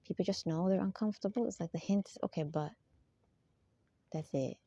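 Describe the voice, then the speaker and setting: A woman talks in a rambling monologue, her voice low, husky and gravelly. She keeps asking her listeners to agree and laughs between points. The recording sounds dull, dry and lo-fi. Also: a little fast, mellow, no room sound. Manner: rambling, repeatedly seeks agreement. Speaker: spiritual vlogger.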